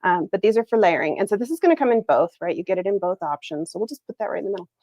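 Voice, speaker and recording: A woman's voice: medium pitch, animated, racing, a little mellow, no room sound. A woman hosting a casual livestream product reveal, chatty and upbeat, laughing often. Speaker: planner shop owner hosting a livestream. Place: Arizona.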